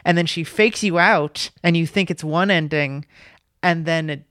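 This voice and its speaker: A man's voice: a little high, normal speed, a bit bright, no echo, studio quality. A man co-hosting a podcast, rambling casually about a movie with lots of fillers and easy laughter. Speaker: podcast co-host.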